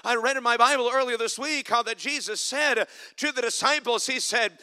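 A man preaching a sermon in church, climbing to loud emphatic passages and dropping to soft, reflective asides. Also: very high-pitched, normal speed, clean tone. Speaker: pastor.

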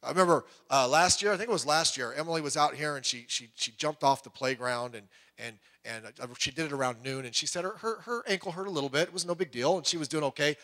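Animated middle-aged male pastor preaching. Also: fast, few pauses. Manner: animated, acts out quoted voices with big pitch jumps. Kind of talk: sermon.

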